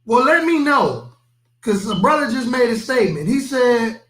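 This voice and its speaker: A man hosts a live reaction stream and talks straight to his viewers in an emphatic, skeptical way. His voice sits very high and sounds bright and sharp. The recording has a noticeable room echo. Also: animated, normal speed. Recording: echoey room.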